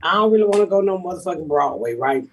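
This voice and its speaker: A woman's voice: on the low side, animated, quick pace, a little mellow, a little hiss or hum. A woman hosting a podcast, telling stories in a brash, profane, comedic chat style. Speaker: podcast host.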